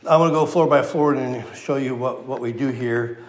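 A man's voice: mid-range voice, moderate pace, roomy sound, close to an everyday voice, poor audio. A plain, matter-of-fact male tour guide at an asylum, put on by a preacher telling a joke. He explains things in an everyday voice. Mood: explaining.

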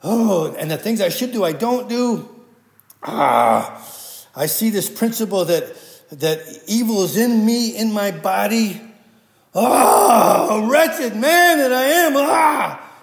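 A man's voice: high voice, animated, creaky, pitched above the performer's own voice, heavily acted. A man acting out an anguished apostle who groans and cries out over his own sin, recorded in an echoey hall. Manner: groaning, crying out, drawn-out wails.

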